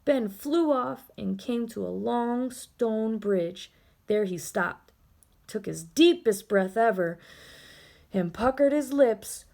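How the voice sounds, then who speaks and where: A woman reading a children's storybook aloud in a gentle, expressive way. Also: fairly high pitch, slow, creaky.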